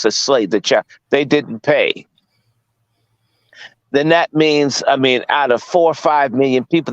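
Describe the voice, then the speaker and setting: A man's voice: medium pitch, dry recording, muffled recording. A man from Washington, D.C. giving a casual lecture, firing rhetorical questions at his listeners, blunt and profane. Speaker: guest speaker.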